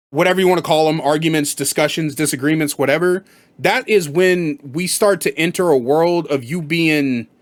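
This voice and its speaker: Blunt, profane man in reaction commentary. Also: on the high side.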